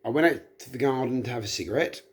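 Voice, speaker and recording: A man's voice: medium pitch, quick pace, slightly rough. A middle-aged man, tipsy, rambling chattily and self-deprecatingly in a casual monologue. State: tipsy from drinking. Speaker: vlogger.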